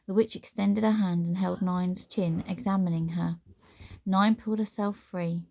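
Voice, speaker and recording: Woman narrator for a storybook reading, measured and expressive. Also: lowish voice, creaky.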